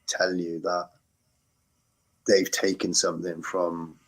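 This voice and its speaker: A very deep-voiced English man talks in a casual podcast interview. He rambles and corrects himself mid-sentence, earnest about why he makes music. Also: flat delivery, slow, vocal fry, a bit bright. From England. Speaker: guest musician.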